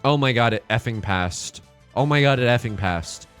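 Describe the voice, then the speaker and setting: A man streaming a mahjong game and bantering with his chat in a hyped, self-mocking way, building up jokes and reacting loudly to risky plays. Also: medium pitch, animated, moderate pace, clean tone, soft background music. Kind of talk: live-streamed mahjong commentary.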